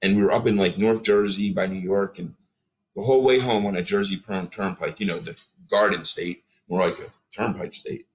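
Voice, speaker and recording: A man telling stories as a guest on a casual podcast, animated, swearing freely and acting out what others said. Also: on the low side, normal speed, a little hiss or hum. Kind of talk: storytelling in casual podcast chat.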